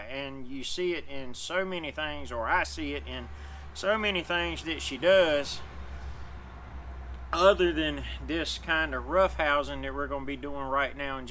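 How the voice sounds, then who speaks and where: A man with a bright, forceful voice, pitched a little above the usual for men, chats outdoors in a folksy, rambling way. He sounds a bit out of breath as he explains things at length. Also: slight background noise. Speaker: dog owner vlogger. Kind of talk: casual talk to camera.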